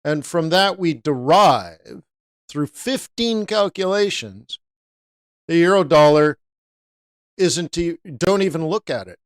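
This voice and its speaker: Guy running a live forex lesson, chatty, talks right to viewers, smooth crisp voice, dry close mic. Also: on the high side, slow, dry recording. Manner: chatty, animated, answers viewers by name. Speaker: forex trading instructor. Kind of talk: live-stream trading lesson.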